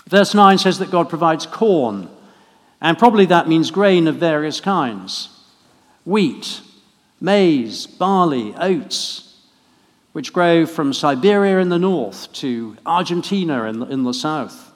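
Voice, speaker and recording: A man from England preaching a harvest sermon in a church, conversational and gently humorous. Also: fairly high pitch, lively intonation, measured pace. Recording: long church reverb.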